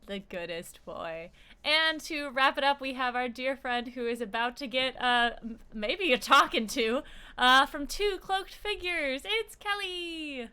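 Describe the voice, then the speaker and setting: A woman's voice: high-pitched, measured pace, pushed and bright, clean tone. A woman hosting a tabletop game stream as game master, giggly as she introduces the players.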